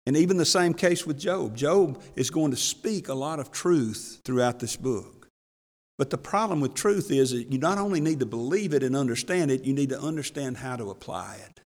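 A man preaching a sermon as pastor, folksy and chuckling, swinging between hushed asides and raised emphasis. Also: medium pitch, lively intonation, normal speed. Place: church sanctuary. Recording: long hall reverb from church.

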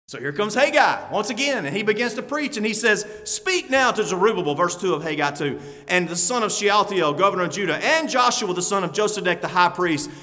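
A man's voice: high voice, animated, fairly quick, bright, forceful tone, in a large hall. A man from Alabama, preaching a folksy sermon that rises to fervent exhortation. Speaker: pastor.

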